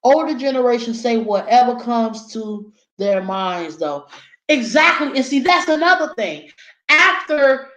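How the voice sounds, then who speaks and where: A woman's voice: a little high, animated, unhurried, roomy sound, slight background noise, poor audio. A woman chatting casually to her viewers, blunt and opinionated, swearing freely. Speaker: vlogger. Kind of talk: casual talk while eating, reading chat.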